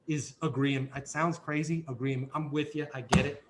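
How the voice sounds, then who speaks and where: A man giving energetic coaching talk on a podcast, emphatic and repetitive, often checking in with "right?" and "okay?". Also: medium pitch, normal speed. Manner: emphatic, repeats key phrases, frequent "right?" and "okay?". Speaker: guest speaker on leasing and renewals. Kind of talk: energetic coaching talk with role-played examples.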